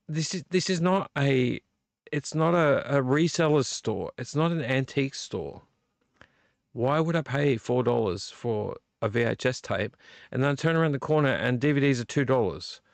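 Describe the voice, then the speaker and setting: A man's voice: mid-range voice, creaky, no echo. A man hosting his own live vlog, ranting with repeated rhetorical questions about collecting. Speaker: vlog host. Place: home room.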